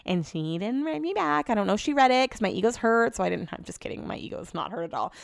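A woman's voice: medium pitch, very animated, quick pace, gravelly, no echo, clean studio sound. A young woman hosting her own podcast, rambling in casual chat with lots of fillers and restarts. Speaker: podcast host. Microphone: podcast mic.

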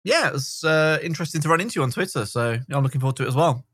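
A middle-aged man talking easily as a podcast guest, with many fillers and pauses. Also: fairly high pitch, expressive, fairly bright tone, slightly rough, dry recording, studio quality. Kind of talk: casual podcast interview.

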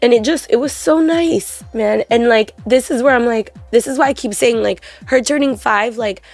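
A woman co-hosting a podcast, telling a long story in animated casual chat with plenty of fillers. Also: fairly high pitch, normal speed, creaky, no echo, soft background music. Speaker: podcast co-host.

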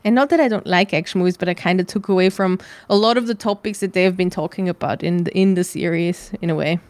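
A woman's voice: lowish voice, fast talker, a little mellow, dry recording. Rambling young woman, dry sound. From Germany. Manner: rambling, restarts, swears casually. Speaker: podcast co-host. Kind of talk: casual chat.

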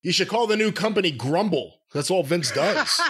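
A man's voice: sits high, animated, normal speed, fairly bright tone, slightly rough. A man hosting a podcast in a casual way, wry and jokey as he steers the talk. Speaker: podcast host.

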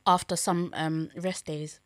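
Podcast co-host, young woman, worn-out and soft, laughs often, dry close sound. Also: sits low, level tone, measured pace, dry recording. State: tired, drowsy. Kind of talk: casual chat.

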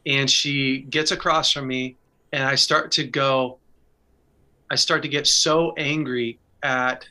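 A man with a medium-pitched, pushed, bright voice speaks slowly and steadily while sharing advice as a faith speaker. In a casual teaching style he tells his own story earnestly and candidly, in short bursts marked by restarts.

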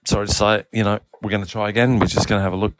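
Low-voiced man with a mixed English accent. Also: racing, no echo, faint music behind. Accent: mixed Australian, South African and English. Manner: relaxed, rambling, many ums and uhs. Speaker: cycling team manager. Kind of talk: casual audio diary.

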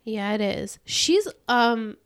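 A woman's voice: fairly high pitch, animated, takes it slowly, clean tone, no echo. A woman co-hosting a podcast, recapping a TV episode in casual chat, rambling and laughing often. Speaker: podcast co-host.

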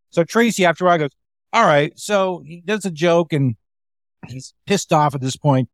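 Animated, swearing comedian, dry close sound. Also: male voice, on the high side, moderate pace, no echo. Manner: animated, swears freely, acts out quoted voices. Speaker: stand-up comedian. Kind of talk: casual storytelling chat. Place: remote call.

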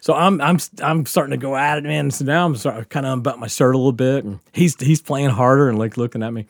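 A man's voice: mid-range voice, quick pace, no echo, studio quality. A man in his fifties telling a wild story on a podcast, swearing freely and laughing as he goes. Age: 50s. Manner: animated, profane, laughing through a wild story. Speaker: podcast co-host. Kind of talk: casual storytelling chat.

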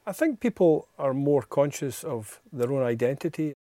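A man's voice: medium pitch, animated, normal speed, mellow, no room sound. A man running a bagpipe shop, answering interview questions with brief good-humoured replies.

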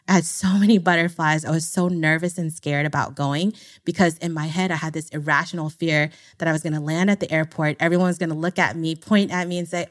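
A woman's voice: sits low, a little fast. A woman, a podcast guest, candidly sharing a personal travel story.

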